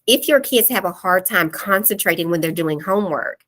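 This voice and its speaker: A woman presenting an online parenting workshop, explaining practical calming techniques step by step in a plain, practical way. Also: lowish voice, normal speed.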